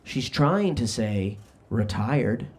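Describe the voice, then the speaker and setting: A young man doing a stand-up comedy set on a club stage, brash and self-deprecating, throwing quick asides at the crowd. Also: medium pitch, lively intonation, slight background noise. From New Jersey. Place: comedy club stage before a live audience.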